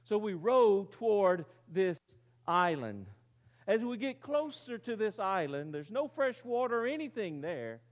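Male preacher, fairly high voice, dramatic storyteller who drops to a hush, rhetorical questions. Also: big pitch swings, a little slow. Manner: dramatic storytelling, rises loud then drops very quiet; asks the audience rhetorical questions. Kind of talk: sermon illustration.

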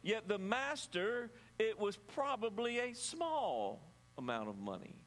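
A man's voice: high voice, big pitch swings, fairly bright tone. Preaching man in a reverberant church. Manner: earnest, measured preaching with some halting restarts. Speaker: pastor. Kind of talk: sermon with scripture reading.

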